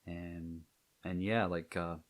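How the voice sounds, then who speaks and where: A man's voice: deep voice, level tone, slow. A young Scottish man from near Edinburgh talking to camera in a personal vlog, hesitant and self-conscious, with many ums and restarts. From Scotland. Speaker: channel host.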